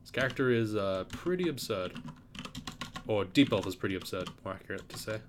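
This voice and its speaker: A man's voice: fairly low pitch, brisk, background noise. A man giving casual, rambling gameplay commentary, thinking aloud as he plays. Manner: laid-back, rambling, thinking aloud with fillers. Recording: keyboard typing and clicks in background.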